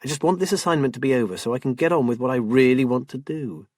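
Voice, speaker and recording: A man's voice: mid-range voice, fast, no room sound, clean studio sound, close to an everyday voice. A man voicing a stressed, overworked woman who snaps impatiently and then breaks down, in an audiobook. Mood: resentful. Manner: sharp and impatient, turning tearful. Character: tense overworked woman artist, snappish.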